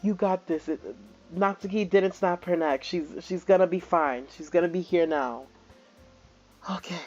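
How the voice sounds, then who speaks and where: A woman's voice: fairly low pitch, normal speed, darkish tone, lo-fi sound, soft background music. A young woman playing a horror game, reacting with panicky swearing and frequent shrieks. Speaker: let's play gamer. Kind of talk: let's play reaction commentary.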